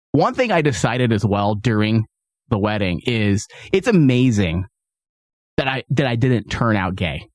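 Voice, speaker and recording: A young man hosting a podcast, telling a comic story and acting out other people's lines with sudden high outbursts. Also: a little slow, pauses often, no room sound, clean studio sound. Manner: animated storyteller, acts out quotes with sudden high-pitched outbursts. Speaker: podcast host. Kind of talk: casual comedic chat.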